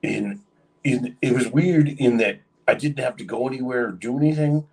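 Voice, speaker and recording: A man's voice: mid-range voice, moderate pace, darkish tone, far from the mic, poor audio. A man casually telling a long story on a livestream, rambling with lots of fillers. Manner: rambling, many fillers, acts out quoted voices.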